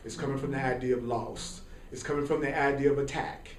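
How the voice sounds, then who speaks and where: A man teaching a live sermon to an audience, animated and repetitive, chuckling as he preaches. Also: medium pitch, brisk, slight background noise. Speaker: spiritual teacher. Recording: echoey hall from far off.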